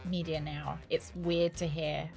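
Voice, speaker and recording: A woman's voice: sits low, level tone, a little slow, creaky, a little mellow, soft background music. A young woman with a British accent chatting playfully with her viewers while streaming a game. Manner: chatty, playful, teasing banter with chat. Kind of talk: casual let's-play chat.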